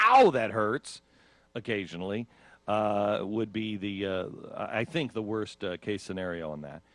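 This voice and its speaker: A man's voice: lowish voice, no echo. A man hosting a radio talk show, casually telling of his own ordeal and acting out his own panicked reactions with laughs. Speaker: radio host.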